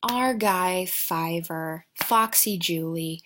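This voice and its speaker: Woman, comic movie recap, sarcastic, profane, deadpan, slow pace. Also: lowish voice, background noise.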